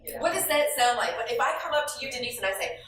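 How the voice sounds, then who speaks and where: A woman's voice: high voice, animated, fast talker, fairly bright tone, a little hiss or hum. A woman giving a restaurant new hire training talk, calling on trainees by name and acting out sample phrases. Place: training room with a live audience. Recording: very echoey room, voice from far off the mic.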